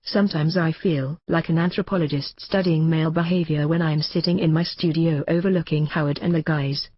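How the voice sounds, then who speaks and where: A woman's voice: sits low, fairly even intonation, a little fast, breathy edge, no echo. A woman narrating a first-person memoir audiobook in a wry, blunt storytelling manner. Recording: dull lo-fi recording.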